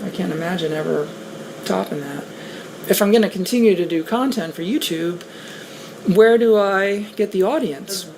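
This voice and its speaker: A woman's voice: mid-range voice, moderate pace. A woman in casual conversation, talking in a hesitant, rueful way with frequent restarts. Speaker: guest on a talk stream. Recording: steady background noise.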